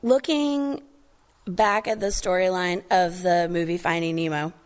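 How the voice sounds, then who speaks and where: Animated woman preaching a story-based sermon. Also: lowish voice, a little slow.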